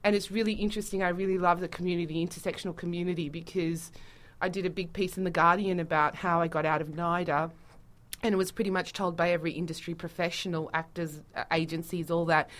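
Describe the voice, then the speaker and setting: A woman talking as a theatre-maker guest in a radio studio, animated and acting out quoted voices. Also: lowish voice, fast talker. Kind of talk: casual interview chat.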